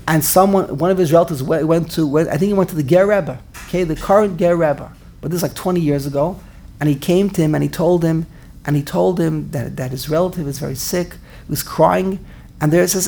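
A woman's voice: low-pitched, a little fast, warm tone, husky. A woman giving a religious class, thinking aloud with emphatic rhetorical questions and frequent restarts. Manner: talks with many restarts while thinking aloud. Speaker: Torah teacher.

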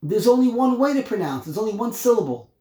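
Animated man teaching a text class, roomy. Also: high voice, quick pace. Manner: animated, emphatic, repeats words while explaining. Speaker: Torah teacher.

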